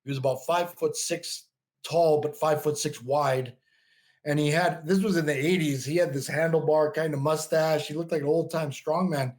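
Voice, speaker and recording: A middle-aged man, a bodybuilder and coach, telling stories as a podcast guest in a loose, rambling way full of restarts. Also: on the high side. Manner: rambling, frequent restarts and "you know". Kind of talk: casual storytelling interview.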